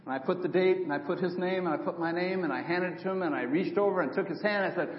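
A man's voice: sits high, quick pace, slight background noise. An older man, a preacher, telling a story in a sermon and acting out the dialogue. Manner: animated storyteller, quotes others in dialogue. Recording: echoey hall from far off, dull.

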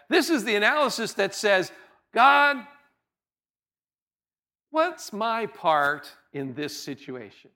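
A man's voice: extremely high pitch, big pitch swings, a little slow, pushed and bright. A male pastor preaching a sermon in a church, earnest and conversational, often restarting his words and stopping for light laughs. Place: church sanctuary.

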